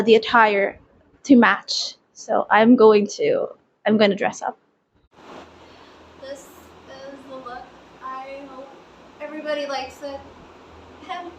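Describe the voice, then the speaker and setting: A high-voiced young woman chats through a makeup vlog, giggling and poking fun at herself. The sound is dull and lo-fi, with a faint hiss behind her. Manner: self-deprecating, giggly, rambling. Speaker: vlogger. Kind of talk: casual makeup vlog chat.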